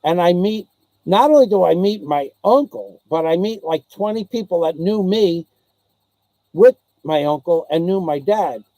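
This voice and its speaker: A man's voice: high-pitched, animated, a little slow, mellow, no echo. A man, rambling through old memories and repeating himself as a channel host. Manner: rambling, repeats himself, mimics others' voices in anecdotes. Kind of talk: rambling storytelling chat.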